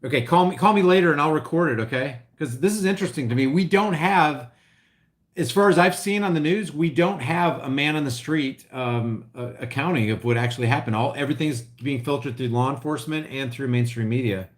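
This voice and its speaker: A middle-aged man from Oklahoma, rambling and restarting as he reads live chat on his livestream, his voice swinging between loud and quiet. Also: fairly high pitch, brisk. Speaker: vlogger reading live chat.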